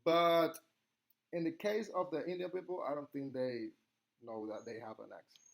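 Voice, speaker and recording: A young man with a Spanish accent, a native Spanish speaker from Latin America, giving an earnest, halting class presentation as a student. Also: a little high, fairly even intonation, vocal fry, rough recording. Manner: earnest, halting, reads questions aloud.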